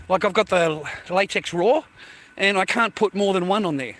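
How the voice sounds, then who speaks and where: An Australian man rambles through a casual vlog as he walks through a neighbourhood outside. His voice is on the high side for a man and sounds bright and sharp. He keeps up a crude, chatty flow, full of "mate" and "you know.". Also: normal speed. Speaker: vlogger. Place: outdoors, walking through a neighbourhood.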